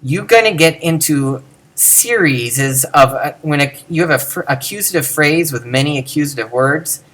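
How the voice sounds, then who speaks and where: Man lecturing with animated pitch swings. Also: moderate pace. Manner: animated, thinking aloud with restarts, demonstrating pronunciation. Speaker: teacher of Ancient Greek. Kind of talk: informal video lecture.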